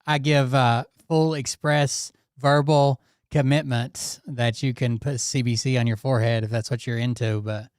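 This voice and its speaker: Rambling, slightly hoarse male streamer host. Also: mid-range voice, fairly even intonation, normal speed, few pauses, dry recording, studio quality. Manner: rambling, self-deprecating, offhand cursing. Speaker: show host. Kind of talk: casual live-stream commentary.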